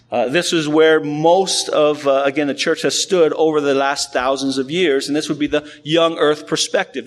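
A man pastor preaching a sermon to a congregation in an animated, conversational, storytelling way. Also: fairly high pitch.

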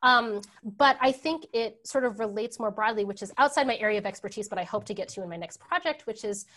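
A woman's voice: medium pitch, brisk, fairly bright tone. A woman scholar answering audience questions in a talk, thinking aloud with many fillers and tag questions. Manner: hesitant, many ums and rights. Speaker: guest scholar. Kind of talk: academic Q&A answer.

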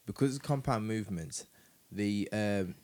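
A man's voice: fairly low pitch, measured pace, darkish tone, slight background noise. A man, co-hosting a casual podcast chat and explaining things at ease, with a sore back. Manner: laid-back, explains fitness with fillers. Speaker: podcast co-host.

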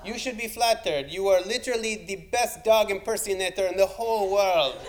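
A man voicing a friendly production assistant with a Spanish accent, speaking halting broken English and searching for words. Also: sits high, a little hiss or hum, voice pushed up, lightly acted. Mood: cheerful.

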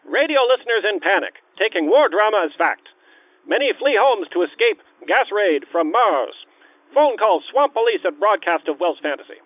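A man putting on the voice of a brisk, dramatic 1930s newsreel announcer reading old newspaper headlines aloud. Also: high-pitched, lively intonation, no echo, phone-quality sound, voice pushed up. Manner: clipped, declaiming newspaper headlines.

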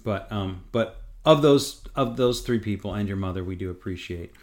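A man's voice: on the low side, moderate pace, darkish tone. A man co-hosting a podcast, joking and hesitant with many ums in casual chat. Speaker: podcast co-host.

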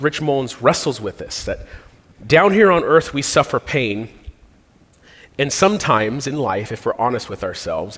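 A man preaching a sermon, earnest and reflective, pausing and restarting as he works through a psalm. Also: mid-range voice, fairly bright tone. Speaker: pastor. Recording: long reverb of a large hall.

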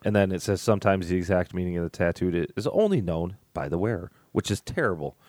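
A man's voice: deep voice, lively intonation, fast, darkish tone, no room sound. A man in his forties chatting casually as a podcast co-host, rambling and laughing at his own jokes. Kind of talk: casual chat.

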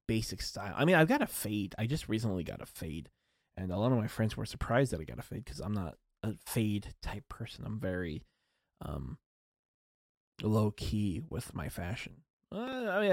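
Young male podcast host, low gravelly voice, swinging pitch, rambling and self-mocking, close dry mic. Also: a little mellow, no room sound. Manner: rambling, self-deprecating, many fillers and restarts. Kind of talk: casual solo podcast chat.

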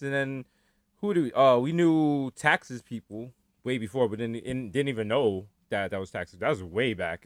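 A man's voice: mid-range voice, no room sound, studio quality. A man with a New York accent telling comic stories in casual chat, riffing and acting out little voices. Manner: riffing storyteller, playful, acts out voices.

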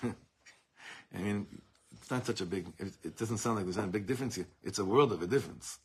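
A man with a husky, breathy voice pitched a little low teaches a Torah class to a room of students. He circles his points with restarts and stops to read Hebrew lines aloud. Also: fairly quick. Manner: warm, searching delivery with many restarts and Hebrew quotes.

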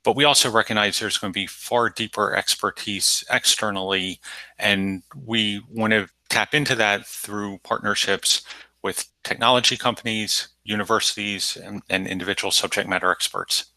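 A man, interviewed as a guest, explaining his organization's work in a measured, methodical way and laying out his points one by one. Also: on the low side, steady tone, bright, forceful tone, no echo, poor audio. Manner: measured, methodical, lays points out in numbered pillars. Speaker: guest, technology lead at an aid organization. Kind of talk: structured interview answers.

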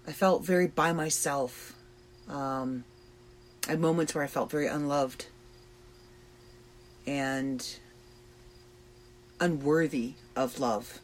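A woman hosting a podcast, talking slowly and thoughtfully about personal struggles with pauses and fillers. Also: deep voice. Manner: slow, reflective and emotional, with pauses and fillers. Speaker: podcast host. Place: trailer in a backyard.

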